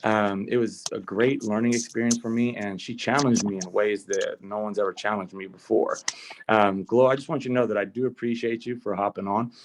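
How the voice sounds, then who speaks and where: A young man on a video call, introducing his mentor to his team in a warm, grateful way with lots of um and uh. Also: lowish voice, steady tone, a little fast, slight background noise. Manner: warm and grateful, with frequent fillers. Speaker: team member introducing the guest.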